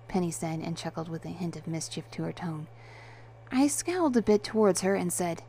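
A woman's voice: fairly low pitch, moderate pace, gravelly, dark tone, slight background noise. A woman narrating a first-person story in a dry, wry and detached manner.

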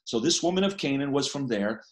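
A man preaching a sermon in a church, impassioned, rising to loud cries when he quotes the text. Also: mid-range voice, animated, fairly quick. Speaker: pastor.

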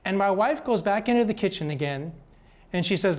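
An older man giving a motivational talk, telling gentle, folksy stories and often repeating words as he goes. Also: sits high, lively intonation, fairly quick. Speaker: speaker.

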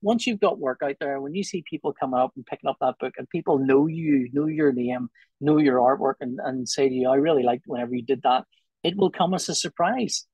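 A man's voice: mid-range voice, a little fast, husky, dry recording, muffled recording. A man, a comic artist and podcast guest, talking casually and acting out little exchanges as he goes. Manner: animated, acts out little dialogues.

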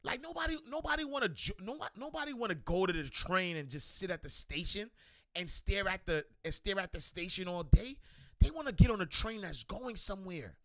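A man hosting a motivational livestream, animated and slangy, repeating himself and shouting out viewers. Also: high voice, brisk, dry recording, studio quality. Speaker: show host.

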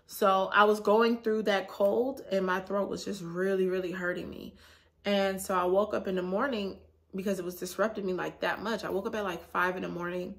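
A woman, chatting casually in a vlog with a sore throat, animated and laughing often. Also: mid-range voice. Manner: animated, laughs often, acts out her own reactions. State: sore throat after a cold. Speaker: vlogger.

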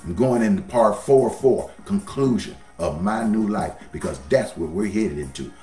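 Man, pastor preaching, lowish voice, roomy echo, faint music behind. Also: expressive, normal speed, distant mic. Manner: preaching with swells and drops in loudness, folksy. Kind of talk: sermon.

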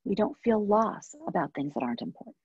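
Speaking fast with big pitch swings, this woman shares her NICU experience as part of a professional webinar talk. Her medium-pitched voice is husky and breathy, and she earnestly repeats phrases and trails off into soft asides. The audio has no echo and is a bit dull and muffled.

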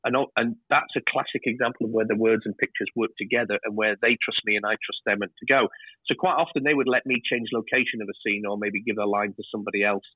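A man, a TV director, telling lively stories in a casual interview and swearing freely. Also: on the low side, quick pace, slightly rough, no room sound. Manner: animated storyteller, swears freely. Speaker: TV director, guest. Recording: tinny phone-like line.

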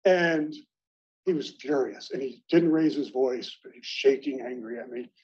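A man's voice: medium pitch, moderate pace, a little mellow, slightly rough. A middle-aged man from Baltimore telling self-deprecating stories as a speaker at an alumni meeting, in a conversational way. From Baltimore, United States. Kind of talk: anecdotal speech to colleagues. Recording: dull lo-fi recording.

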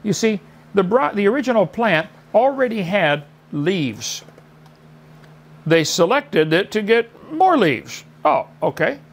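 A middle-aged man lectures his debate opponent in a mocking tone, circling back to the same points. His voice sits fairly high with a gravelly edge. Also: big pitch swings, slow pace.

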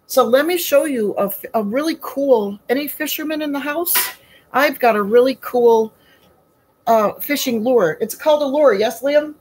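A woman's voice: high-pitched, moderate pace, breathy edge, poor audio. A woman hosting a casual live baking stream from her home kitchen, chatty and folksy, greeting viewers by name.

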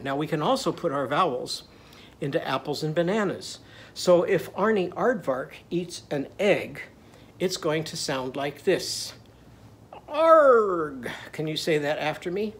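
A teacher telling a story to young children and leading them in call-and-response. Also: medium pitch. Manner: animated, leads call-and-response.

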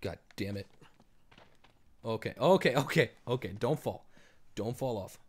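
A man doing let's play commentary, excitable, swinging between yelling and muttering. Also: mid-range voice, unhurried. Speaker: gameplay commentator.

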